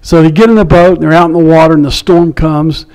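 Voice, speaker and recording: A male pastor preaching a sermon in an animated way, acting out the people he quotes. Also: on the high side, fast, low-quality recording. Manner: animated, acts out quotes in shifting voices.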